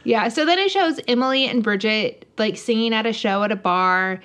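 A woman co-hosting a podcast in casual chat, animatedly retelling a show and acting out the characters' lines. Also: fairly high pitch. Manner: animated, acts out characters' lines in quick voices. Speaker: podcast co-host.

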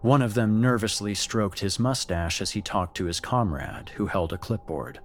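A man narrating a scripted horror story in a measured, dramatic way. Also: lowish voice, a little hiss or hum.

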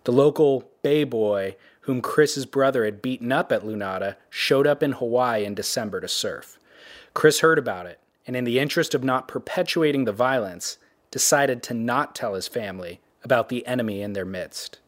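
A man narrates a documentary and puts questions to a guest in a measured, even way. His voice sits at a middle pitch. A faint vehicle hum is heard in the background. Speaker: interviewer and narrator.

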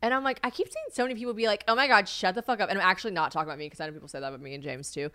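A woman's voice: mid-range voice, racing, pushed and bright. A young woman hosting a podcast in casual chat, telling stories with lots of swearing and acted-out quotes. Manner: swearing, storytelling, acts out quotes. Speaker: podcast host.

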